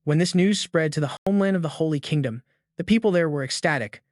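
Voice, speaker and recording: Steady male recap narrator, dry sound. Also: fairly high pitch, fast talker, dry recording. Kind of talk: scripted narration.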